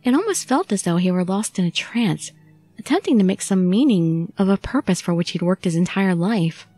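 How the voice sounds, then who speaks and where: A woman narrating a visual novel in the first person with a steady storytelling read. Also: medium pitch, normal speed, faint music behind. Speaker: audiobook narrator.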